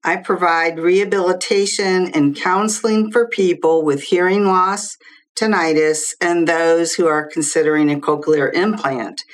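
A woman who is a social worker, a guest expert giving measured, explanatory interview answers. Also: fairly low pitch, fairly even intonation. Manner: measured, explanatory, lists figures clearly.

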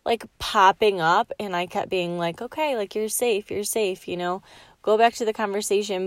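A woman's voice: mid-range voice, dry recording. Young woman, podcast host, chatty, lots of fillers, dry close sound. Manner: soft, slow and soothing in the meditation, quietly whispering at times; chatty and animated, with many "like" fillers. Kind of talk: guided relaxation, then casual storytelling.

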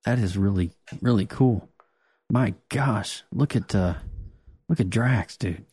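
A man hosting a casual pop-culture podcast, talking excitedly with lots of restarts and jokes. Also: fairly low pitch, slow, breathy edge, no echo. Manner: excitable, joking, many restarts. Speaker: podcast host.

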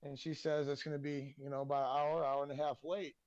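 A man's voice: a little high, level tone, fast talker, darkish tone, no echo, dull audio. A man guesting on a podcast, telling loose, profane, laughing anecdotes in a rambling way. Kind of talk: casual storytelling.

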